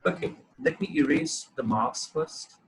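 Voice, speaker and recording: A man teaching a lesson on clear writing, explaining examples step by step with frequent fillers and restarts. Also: medium pitch, expressive, unhurried, poor audio. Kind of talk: lecture on writing.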